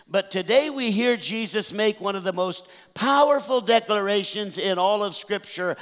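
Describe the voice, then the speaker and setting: A man preaching a Sunday sermon as pastor, reading scripture aloud and slowing down on the key phrases. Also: high voice, a bit bright. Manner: reads scripture aloud, slows for emphasis. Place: church sanctuary. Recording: church hall reverb.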